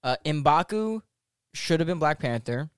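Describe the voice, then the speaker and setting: A man's voice: on the high side, expressive, a little slow, smooth, no room sound, clean studio sound. A man co-hosting a podcast, chatting in a laid-back way. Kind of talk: casual chat.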